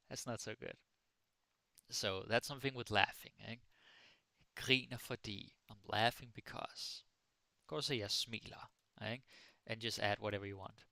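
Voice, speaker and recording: Male Danish tutor, easygoing and jokey; low, gravelly, bright-edged voice; close, dry mic. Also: measured pace, pauses often, no echo. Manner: relaxed, playful, mixing Danish and English with jokey examples. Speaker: Danish language teacher. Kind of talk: casual live-stream language lesson. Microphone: close microphone.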